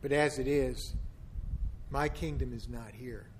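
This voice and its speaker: A man reading aloud who voices a calm, solemn male prisoner answering a governor in a quiet, measured way. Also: medium pitch, slight background noise, voice pushed down, close to an everyday voice.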